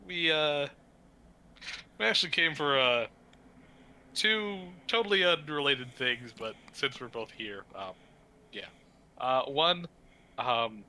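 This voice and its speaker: A man's voice: medium pitch, pushed and bright, slight background noise, heavily acted. A man doing a small, eager adventurer woman. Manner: rambling, filler-heavy, eager.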